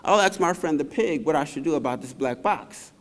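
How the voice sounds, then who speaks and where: A fretful little male mouse, put on by a man telling a fable, talking nervously to himself in a slightly high voice. The sound rings with the long reverb of a big hall. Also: expressive, a little fast, a bit bright. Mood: discouraged.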